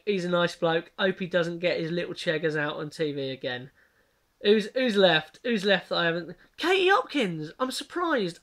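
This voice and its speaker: A man's voice: sits high, a bit bright. Young guy, vlog reviewer, blunt sweary rants, mocking and rambling. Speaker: vlogger reviewing a TV show. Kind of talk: casual ranting commentary.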